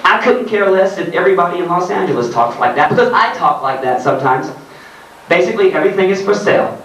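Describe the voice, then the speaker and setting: A man's voice: high-pitched, animated, fast, a bit bright. A man giving a comedic reading of his own writing to a live audience, ranting sardonically and laughing at his own jokes. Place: arts centre hall in Germany. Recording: roomy live hall, distant mic, faint ambience.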